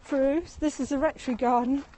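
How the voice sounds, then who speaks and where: A high-pitched woman chats her way through a walking tour outdoors, speaking into a handheld phone as she goes. She rambles, laughs often, and sounds slightly out of breath. Faint open-air ambience sits behind her voice. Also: fairly even intonation, brisk, mellow, a little hiss or hum, rough recording. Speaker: tour guide. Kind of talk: live-streamed walking tour. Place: outdoors in a city meadow and gardens.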